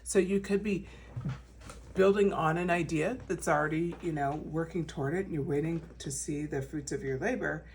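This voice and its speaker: Woman tarot reader, casual and reassuring, slightly low voice, mic set back a bit. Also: normal speed, recorded from a distance, slight background noise. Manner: chatty and reassuring, full of fillers and restarts. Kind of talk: casual pick-a-card tarot reading.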